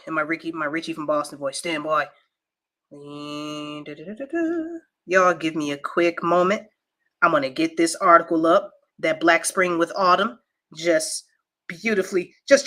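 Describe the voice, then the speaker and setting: On a livestream, a co-host with a twang and a deep voice whose tone carries a bright, ringing edge chats casually, teasing the chat and laughing easily. She banters playfully between stories, then reads the news aloud just as easygoingly.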